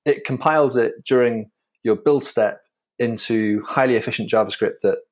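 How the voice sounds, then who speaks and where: A man from England with a Yorkshire accent, a guest on a technical podcast, explaining his software carefully with small restarts. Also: mid-range voice, moderate pace. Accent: Yorkshire English. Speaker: guest, framework creator.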